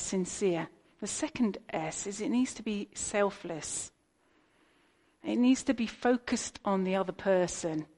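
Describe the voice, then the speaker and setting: A woman's voice: medium pitch, dark tone. A British woman in her fifties giving a sermon in a chatty, conversational way, with asides to the congregation. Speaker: preacher.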